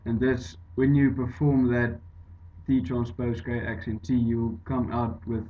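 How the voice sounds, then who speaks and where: Man tutoring in a flat, halting voice. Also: mid-range voice. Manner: halting, with many fillers and restarts. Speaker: engineering tutor. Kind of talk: explaining a derivation over slides. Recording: dull lo-fi voice-over with faint hiss.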